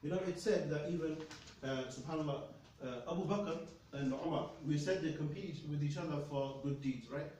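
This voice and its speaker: A man teaching a hadith lesson to a class in a lively, conversational way, often checking in with "okay?". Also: on the high side, moderate pace, very echoey, recorded from a distance, a little hiss or hum, rough recording. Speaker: Islamic studies teacher.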